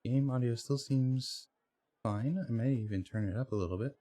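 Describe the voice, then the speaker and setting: A man reading a fantasy game's story text aloud as he plays. He often stumbles and corrects himself. His voice sits at an ordinary middle pitch. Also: normal speed, dark tone. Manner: hesitant, with fillers and self-corrections. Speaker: let's play host. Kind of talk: reading game text aloud while playing.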